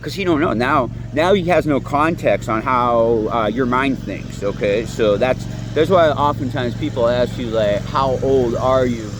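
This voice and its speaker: A man's voice: mid-range voice, normal speed, hardly any pauses, background noise. A man in his late thirties giving a profane, rambling, heated monologue outdoors. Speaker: vlogger. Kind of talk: ranting monologue. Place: outdoors near woods.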